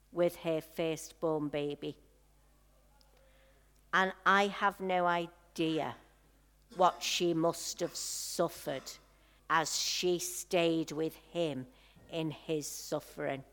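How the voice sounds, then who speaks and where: A woman preaching a sermon at an unhurried pace, letting her words settle in soft pauses. Her voice is smooth and clear, and she tells a personal story in a heartfelt way. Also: mid-range voice.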